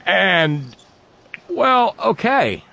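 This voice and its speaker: A man hosting a political talk show, speaking in a halting, sarcastic way with many restarts. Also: high-pitched, big pitch swings, gravelly, pushed and bright. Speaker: talk radio host.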